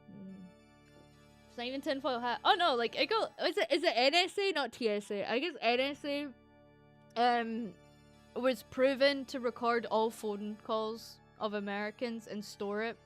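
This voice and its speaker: A woman's voice: a little high, a little slow, pauses often, faint music behind. A Scottish woman streaming as a VTuber in casual, rambling chat, often swearing and breaking into laughter. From Scotland.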